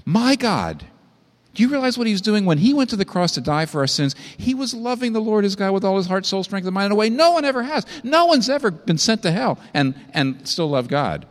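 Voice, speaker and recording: Man preaching, lively swooping pitch, impassioned, long hall reverb. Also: a little fast. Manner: impassioned, rising to high emphatic peaks then dropping low. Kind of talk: sermon.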